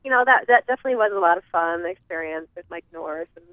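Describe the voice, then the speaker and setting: A woman's voice: fairly low pitch, expressive, fast, no echo. Giggly chatty midwest woman calling in, dry tinny phone sound. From American Midwest. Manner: giggly, chatty, trailing fillers. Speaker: guest. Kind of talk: casual interview chat.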